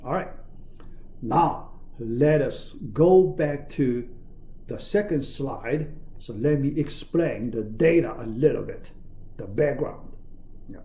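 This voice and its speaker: Man, university lecturer, slow, mellow, lively intonation, repeats words, many fillers. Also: medium pitch. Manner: halting, frequent "yeah" and "all right" fillers; repeats key words for emphasis. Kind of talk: recorded classroom lecture.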